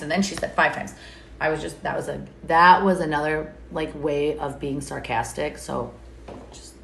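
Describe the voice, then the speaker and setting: A woman's voice: sits low, fairly bright tone. A woman chatting casually on a live stream, rambling and sarcastic and swearing freely. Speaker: TikTok creator. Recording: echoey room, faint background noise.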